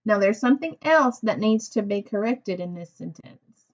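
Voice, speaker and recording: A woman teaching a recorded reading lesson to young children, speaking slowly and patiently, praising and asking questions of pupils who aren't there. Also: medium pitch, lively intonation, lo-fi sound. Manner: slow, patient, encouraging, asks questions to unseen pupils.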